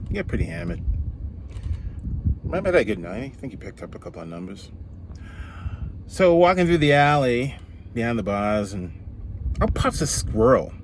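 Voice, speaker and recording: A man telling a comic story in a casual, animated way, slowing down for dramatic effect. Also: mid-range voice, slight background noise.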